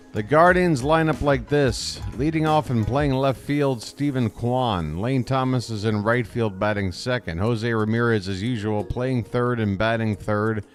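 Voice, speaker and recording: A man calling a baseball game as a fan streamer, chatty and self-deprecating, talking straight to his chat on a close desk microphone. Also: medium pitch. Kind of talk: live fan play-by-play commentary.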